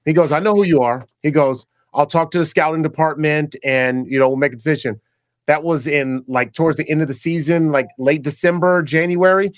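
Animated storytelling former football player. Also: male voice, fairly high pitch, brisk, dry recording, clean studio sound. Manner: animated storyteller who acts out quoted dialogue, with frequent restarts. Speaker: guest, former pro football player turned broadcaster. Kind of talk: casual storytelling interview.

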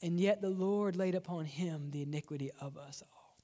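A man's voice: a little high, normal speed, mellow, big-room sound. A man preaching a sermon as pastor, dramatic and often dropping to a whisper for emphasis. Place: church sanctuary.

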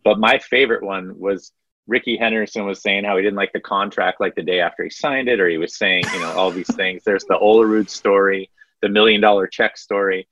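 A man co-hosting a casual sports podcast, retelling anecdotes in an animated storytelling way. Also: lowish voice, a little fast, no room sound, highs cut off. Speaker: podcast co-host.

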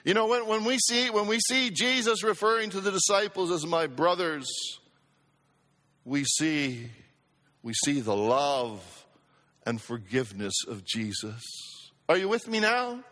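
A man's voice: on the high side, lively intonation, a little slow, pushed and bright. A man preaching a sermon as pastor, emphatic, repeating phrases for effect and calling out to the congregation in a church sanctuary. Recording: long church-hall reverb.

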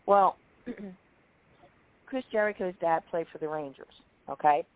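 A woman telling lively stories in casual chat, quoting people and clearing her throat often. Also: fairly low pitch, slow, no room sound. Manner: animated anecdotes, quoting others, frequent throat clearing. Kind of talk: casual storytelling on a call-in chat. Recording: tinny phone line.

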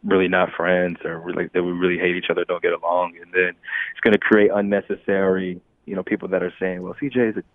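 A young man speaking as a guest in an interview, relaxed and chuckling often, sometimes restarting his phrases. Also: low-pitched, fast talker, no room sound. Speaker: guest athlete. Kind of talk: casual interview talk. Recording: tinny phone line.

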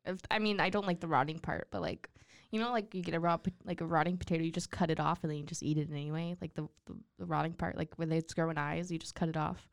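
A woman's voice: sits low, fast talker, creaky. A woman with a Texas accent, co-hosting a podcast in casual, jokey chat. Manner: giggly, rambling, jokey. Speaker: podcast co-host.

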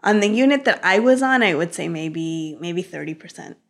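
A woman as an interview guest, telling her story in an animated, conversational way with frequent laughter, fillers and restarts. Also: fairly low pitch, normal speed, vocal fry, a crowd in the background. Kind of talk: conversational personal testimony.

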